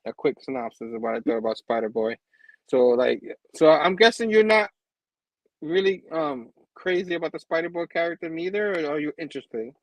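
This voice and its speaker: A man hosting a casual comic book review in a relaxed, easygoing way. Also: a little high, a little fast, no echo, rough recording. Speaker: host.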